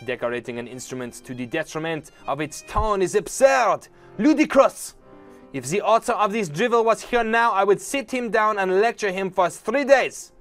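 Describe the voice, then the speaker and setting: A man's voice: mid-range voice, fast, few pauses, a bit bright, faint music behind, close to an everyday voice. A man voicing a haughty young aristocratic male pigeon in a dating game, pompous and indignant, lecturing in a raised tone.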